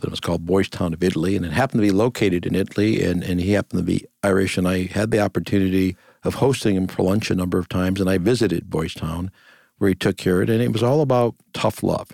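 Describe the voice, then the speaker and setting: A man's voice: sits low, creaky, darkish tone, no echo. An older man, a grandfather, telling stories earnestly as an interview guest in a reflective conversation. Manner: storytelling, earnest, repeats phrases in lists.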